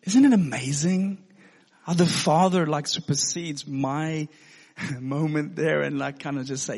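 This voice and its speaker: A pastor telling a personal story in a sermon, earnest and given to laughing. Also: male voice, fairly high pitch, moderate pace, vocal fry, a little mellow, slightly rough. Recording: long hall reverb.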